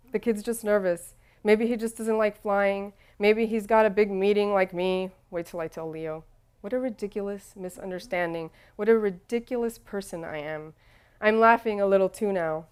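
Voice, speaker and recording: A woman reads a first-person story in a wry, self-deprecating tone. Her voice is smooth and clear at an ordinary pitch, with steady, measured delivery. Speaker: narrator. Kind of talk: first-person audiobook narration.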